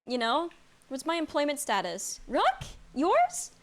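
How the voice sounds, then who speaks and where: A woman's voice: high voice, wildly swooping pitch, measured pace. A woman live-streaming a game from home into a desk mic, chatting casually, reacting aloud, answering chat and laughing often. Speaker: streamer playing a horror game.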